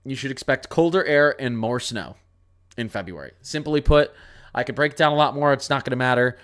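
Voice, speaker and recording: A man's voice: medium pitch, fairly quick, fairly bright tone. A young man hosting a casual weather stream, answering viewer questions and rambling through model charts, often repeating himself. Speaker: weather channel host. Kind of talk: casual livestream weather talk.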